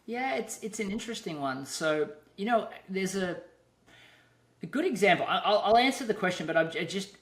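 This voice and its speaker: A man's voice: fairly high pitch, fairly bright tone. Guy hosting a chat, voice swoops up and down a lot, echoey room. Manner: reflective, halting, with restarts. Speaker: podcast host. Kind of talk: casual interview chat. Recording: roomy echo.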